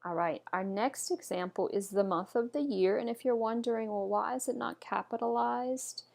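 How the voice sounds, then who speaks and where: A woman with a gravelly, darkish voice on the high side teaches pronunciation online at a normal speed. Slowly and patiently, she models each word again and again and encourages her learner.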